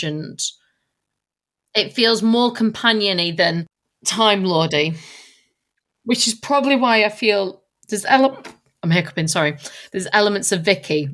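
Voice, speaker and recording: A woman's voice: medium pitch, pushed and bright. A woman co-hosting a podcast in casual chat, thinking aloud with lots of fillers and restarts. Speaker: podcast co-host.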